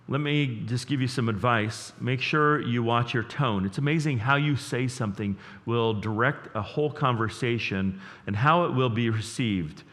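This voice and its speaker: Give me an earnest male pastor preaching a sermon, his bright voice ringing with long hall reverb. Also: medium pitch. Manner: earnest, emotional, swings between hushed and loud; repeats words when building up.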